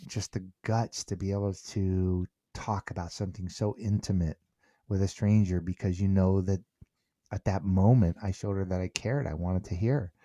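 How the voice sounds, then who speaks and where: A middle-aged man, a podcast guest, telling stories in a lively way, often repeating words as he restarts and acting out what people said. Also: sits low, no echo. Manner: animated, repeats words when restarting, acts out quoted dialogue. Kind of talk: conversational storytelling.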